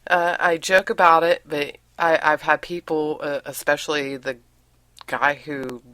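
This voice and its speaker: A woman's voice: low voice, steady tone, unhurried, fairly bright tone, dry recording. A woman co-hosting a casual podcast, telling family stories in a chatty way and laughing often. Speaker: podcast co-host.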